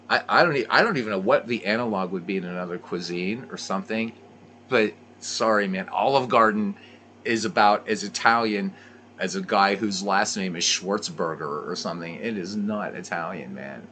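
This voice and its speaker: This is a man talking casually on a stream, drifting from one animated story to the next. His voice sits fairly low but carries a bright, forceful tone. There is a faint hiss behind him. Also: normal speed. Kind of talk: casual chat while playing.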